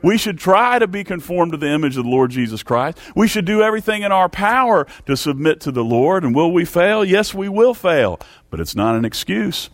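A man's voice: sits high, big pitch swings, a little fast, hardly any pauses, dry recording. A man preaching a sermon, emphatic and repetitive, reading Bible verses aloud.

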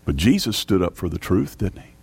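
A man's voice: low voice, very animated, brisk, vocal fry, a little mellow, breathy edge. A man preaching a sermon, emphatic and repetitive, reading Bible verses aloud.

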